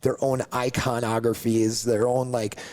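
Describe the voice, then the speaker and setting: Guy founder telling a story on a podcast, super animated, says "like" constantly. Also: mid-range voice, a little slow. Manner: animated, acts out others' lines, heavy use of "like". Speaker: podcast guest, coffee company founder. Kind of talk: casual storytelling.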